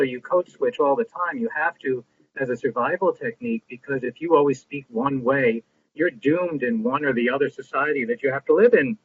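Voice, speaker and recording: A man joining a group discussion with measured, thoughtful remarks. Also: medium pitch. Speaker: discussion participant. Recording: husky voice over a tinny phone-like line.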